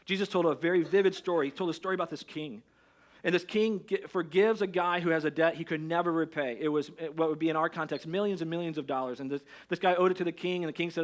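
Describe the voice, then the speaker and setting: Middle-aged man, pastor, sermon, quick delivery, slightly high voice, lively storytelling. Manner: conversational, animated storytelling with many restarts.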